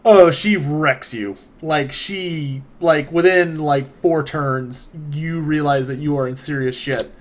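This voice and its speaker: A man narrating a tabletop role-playing game as game master, unhurried and hesitant with fillers. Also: on the high side.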